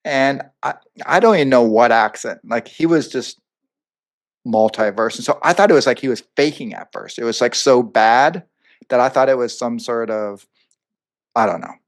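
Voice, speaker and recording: At a normal speed and medium pitch, a man co-hosts a film review podcast, chatting in a loose, animated style with many fillers and asides.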